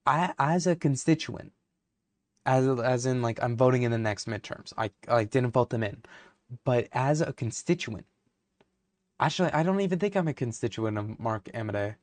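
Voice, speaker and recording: A young man rants heatedly to camera, rambling from point to point. He fills gaps with "like" and "uh" and swears freely. His voice sits at an ordinary pitch, and the sound is dry and close. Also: animated, normal speed, no room sound. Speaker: vlogger. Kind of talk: ranting to camera.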